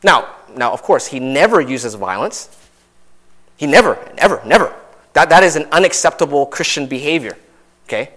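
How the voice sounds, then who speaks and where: A young adult man preaching a sermon in a conversational way, with many asides and tag questions, his voice rising and growing louder as he drives a point home. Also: brisk. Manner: animated, rises in pitch and volume when stressing a point. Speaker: pastor.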